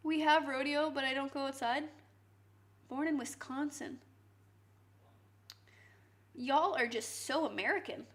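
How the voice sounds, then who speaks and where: A woman's voice: high-pitched, steady tone, unhurried, long pauses. A woman, chatting casually and teasingly with her viewers during a cooking stream. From Canada. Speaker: live streamer.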